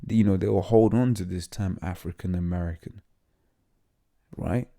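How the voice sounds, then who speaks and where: A man with a very low, gravelly voice teaches scripture in a loose, unscripted way. His tone is dark and mellow, and he often stalls on fillers and restarts as he reads passages aloud. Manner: halting, full of fillers and restarts. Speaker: religious teacher.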